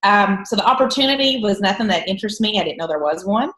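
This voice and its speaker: A woman's voice: medium pitch, lively intonation, fast, a bit bright, reverberant, rough recording. A woman with a heavy eastern Kentucky Appalachian accent telling her story candidly on a conference call, laughing often. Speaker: guest trainer. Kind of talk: conference call training talk.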